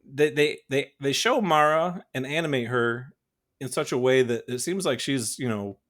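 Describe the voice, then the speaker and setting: A man of middling pitch co-hosts a podcast in casual chat. He rambles with fillers and restarts and laughs often as he talks. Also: normal speed, a bit bright. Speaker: podcast co-host.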